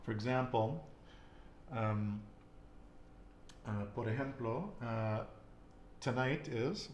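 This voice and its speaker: A man's voice: medium pitch, takes it slowly, roomy sound, dull audio, a little hiss or hum. A man teaching a casual Spanish lesson, patiently quizzing his student with questions.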